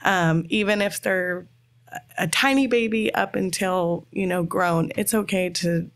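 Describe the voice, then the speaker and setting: A woman hosting a podcast, gently asking mothers questions and sharing her own thoughts. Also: fairly low pitch, a little slow. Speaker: podcast host. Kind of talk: casual podcast interview.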